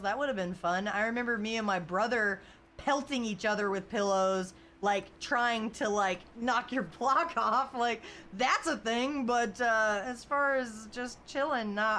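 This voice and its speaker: A woman's voice: fairly high pitch, a bit bright, slight background noise. A woman game streamer in casual live-stream chat, reading viewer comments and rambling through stories with lots of "like" and "you know" and frequent laughs.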